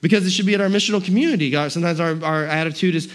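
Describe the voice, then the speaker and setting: Animated, conversational male pastor preaching. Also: on the high side, racing, few pauses. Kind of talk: sermon. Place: church sanctuary.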